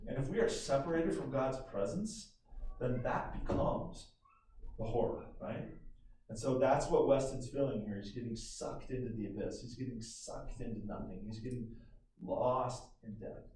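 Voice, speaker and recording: Male pastor, conversational sermon, mellow voice, recorded far off in a very echoey church. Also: medium pitch, moderate pace. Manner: conversational, animated preaching with call-and-response. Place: church sanctuary. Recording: echoey room from a distance.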